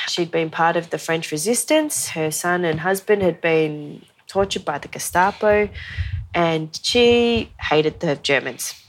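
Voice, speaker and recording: A woman's voice: fairly low pitch, slight background noise. A woman guest on a podcast, telling a long story in a conversational way, often saying "you know".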